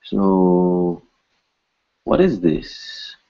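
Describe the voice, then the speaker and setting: Slow, deep-voiced male language teacher. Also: expressive, vocal fry, warm tone, lo-fi sound. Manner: patient, repeats each word slowly several times. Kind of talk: pronunciation lesson.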